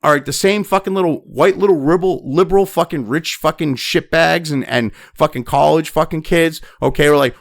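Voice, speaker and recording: A man angrily ranting and cursing as he reads news items aloud, breaking off into loud outbursts. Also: a little high, fairly quick, few pauses, no echo, clean studio sound. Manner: angry, swearing constantly, swinging between flat reading and loud outbursts. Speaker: commentator reading and reacting to news. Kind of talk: profane political rant over news reading.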